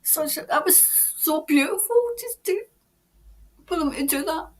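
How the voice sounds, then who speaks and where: Emotional Scottish woman, high voice. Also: lively intonation, a little slow. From Scotland. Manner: emotional, breathless, stops to compose herself. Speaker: tarot reader host. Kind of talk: tarot reading video.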